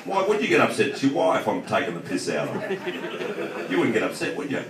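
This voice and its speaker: A man's voice: lowish voice, huge pitch swings, fairly quick, background noise. An Australian man doing live stand-up comedy, crude and insulting as he works over the audience in a pub. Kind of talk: live stand-up with crowd work. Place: pub function room in front of a live audience. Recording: roomy live pub gig, mic heard from a distance, loud crowd laughter.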